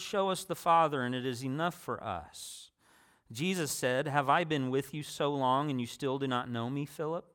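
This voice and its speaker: A man's voice: medium pitch, fairly bright tone. A man preaching a sermon, reading scripture aloud and explaining it, with rising emphasis on the quoted words.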